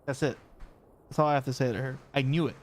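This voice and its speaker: A young man casually commenting on a story game for his livestream chat, animated and joking as he recaps what happened. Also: mid-range voice, fast talker, a little hiss or hum.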